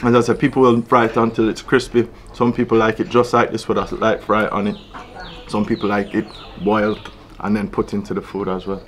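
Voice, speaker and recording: A Jamaican man casually explaining local dishes at a restaurant table, patient and relaxed, often saying "yeah, man". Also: fairly low pitch, brisk, slight background noise. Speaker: food vlog host. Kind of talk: casual food chat.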